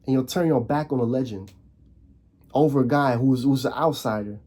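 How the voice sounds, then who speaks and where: Fired-up man ranting, dark voice. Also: normal speed. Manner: fired-up, voice jumps high on emphatic points; frequent restarts and repeated words. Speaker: video host. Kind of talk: casual rant to camera.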